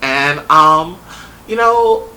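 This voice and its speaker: A woman's voice: deep voice, animated, drawn-out words, pushed and bright, a little hiss or hum, full character voice. A man putting on the voice of a giggly, evasive young woman who talks in a sing-song, playful way. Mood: breezy.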